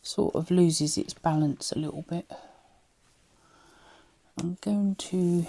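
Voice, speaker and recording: Low gravelly woman with light Cockney twang. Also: slow, pauses often, warm tone. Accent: light Cockney-tinged London. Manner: chatty, muttering to herself while working, often drops to a whisper. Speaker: craft vlogger. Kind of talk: casual crafting commentary.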